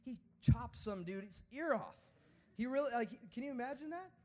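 A man preaching a sermon in a conversational, animated way, moving between jokey asides and quiet, earnest appeals. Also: extremely high pitch, moderate pace.

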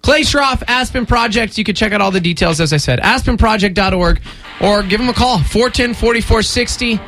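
A man's voice: sits high, brisk, pushed and bright, faint music behind. A young man hosting a morning radio show who banters casually and jokes around with his co-host. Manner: jokey, laughs a lot and slips into impressions. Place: radio studio. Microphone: studio microphone.

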